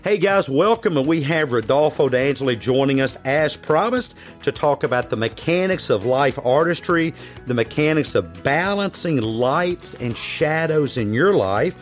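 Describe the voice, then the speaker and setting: A man's voice: medium pitch, animated, measured pace, faint music behind. Folksy Southern-accented male host. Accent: American Southern. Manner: folksy and chatty. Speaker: podcast host. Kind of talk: podcast interview hosting.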